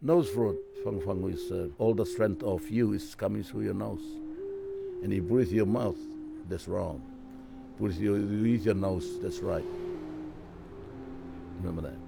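Deep gravelly man, slow and reflective. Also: heavy background noise. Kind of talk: reflective interview talk.

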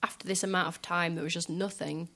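A woman musician speaking softly and hesitantly in a reflective interview in front of a live audience, filling pauses with small filler phrases. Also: fairly low pitch, steady tone. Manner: soft, hesitant, many fillers. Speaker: guest musician.

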